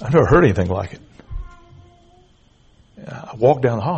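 A man's voice: medium pitch, sing-song, normal speed, creaky, pauses often, darkish tone, slightly rough, low-quality recording. A middle-aged man preaching a blunt, emphatic sermon, repeating phrases and calling out to the congregation. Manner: calls out to the congregation. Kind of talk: fiery sermon.

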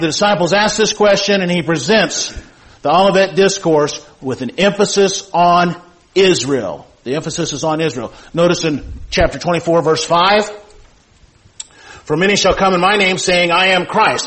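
A man's voice: on the high side, fairly bright tone, low-quality recording. A man teaching a Bible class, reading scripture aloud and asking the class questions, with many repeated points and fillers. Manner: reads scripture aloud in King James wording, repeats key points, asks the class questions.

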